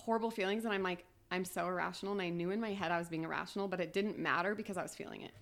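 A young woman on a podcast telling a painful personal story in a quiet, halting way, full of "like"s and sometimes near tears. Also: lowish voice, vocal fry. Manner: quiet, halting, tearful at times, many "like"s. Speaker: podcast guest.

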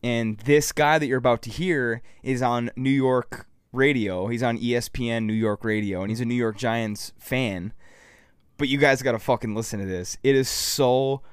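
A man's voice: medium pitch, normal speed, clear, resonant tone, dry recording, clean studio sound. A man co-hosting a podcast, chatting casually and setting up clips for his friends. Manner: relaxed, storytelling, sets up clips for the group. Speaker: podcast co-host.

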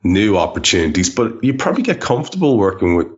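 Very deep-voiced man hosting. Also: sing-song, fast, husky. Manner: rambling, self-deprecating, many fillers and restarts. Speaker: podcast host. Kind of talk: casual chat. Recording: dull lo-fi sound.

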